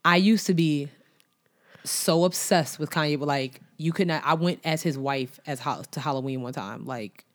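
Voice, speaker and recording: A woman's voice: low voice, normal speed. A woman co-hosting a casual podcast, laid-back and chatty with a slangy way of talking. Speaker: podcast co-host. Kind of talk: casual chat.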